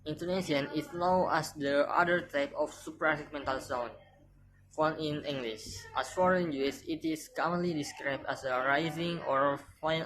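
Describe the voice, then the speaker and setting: A woman reading a phonetics lesson aloud, carefully and deliberately, repeating example words. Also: low-pitched, a bit bright, slight background noise, rough recording. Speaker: student presenter.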